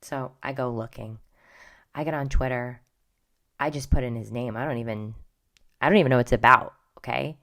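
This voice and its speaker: A woman's voice: rumbling low, fairly quick, pauses often, a bit bright. A middle-aged woman hosting a podcast, chatting casually and gossipily, often dropping into whispered asides. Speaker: podcast host. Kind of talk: casual pop culture chat.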